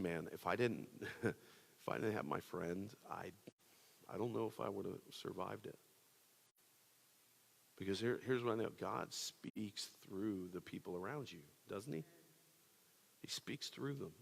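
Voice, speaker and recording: A man's voice: fairly low pitch, gravelly, long reverb tail. A man pastor giving a sermon, telling a personal story in a casual, conversational way with many fillers. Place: church auditorium.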